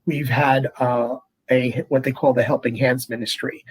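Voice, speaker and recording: A man who is a priest, talking in a casual interview and telling stories in a chatty, animated way. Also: medium pitch, moderate pace, breathy edge, poor audio. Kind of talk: conversational interview.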